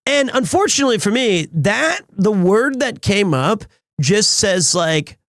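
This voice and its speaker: A man's voice: sits high, very animated, unhurried, fairly bright tone, dry recording, studio quality. A man telling a rambling story in a casual live-stream chat. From United States. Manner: rambling storyteller with frequent restarts.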